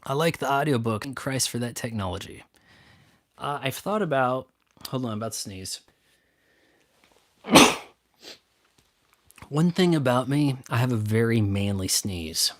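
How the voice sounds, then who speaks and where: Answering viewer questions in a casual solo chat, a YouTube host speaks at medium pitch with lively intonation, unhurried and pausing often. His delivery is rambling and stop-start, peppered with sarcasm, captured as a dry, clean studio recording.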